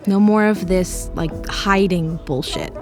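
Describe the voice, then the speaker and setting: A woman's voice: lowish voice, slow pace, crowd noise. A young woman giving candid, wry and upbeat voice-over narration for her vlog. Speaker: vlogger. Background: music playing underneath.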